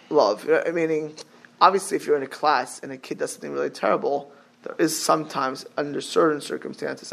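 High, gravelly man teaching Torah. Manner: animated, with many restarts and Hebrew terms; rising to sudden exclamations. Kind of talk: religious lecture.

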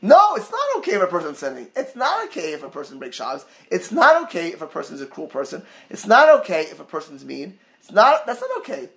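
High, gravelly-voiced man giving a Torah class. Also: fast talker, few pauses. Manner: animated storytelling, many restarts, rising to near-shouts; sprinkles Hebrew and Yiddish terms. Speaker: rabbi teaching a Torah class.

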